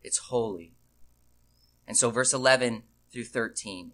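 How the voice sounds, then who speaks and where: Bright-voiced man teaching scripture. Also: medium pitch, measured pace. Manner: emphatic, repeats key phrases for weight. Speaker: Bible teacher. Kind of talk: scripture reading and verse-by-verse teaching.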